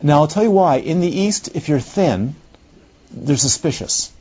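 Mellow, lively-voiced male meditation teacher. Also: a little high, husky, lo-fi sound. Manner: unhurried, playful, asks the listeners questions. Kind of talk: dharma talk.

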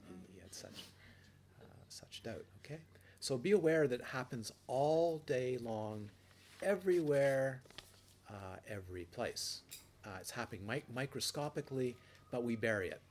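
A man teaching meditation in a relaxed dharma talk, telling anecdotes with frequent restarts and playful quoted voices, with faint noise behind. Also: medium pitch, normal speed.

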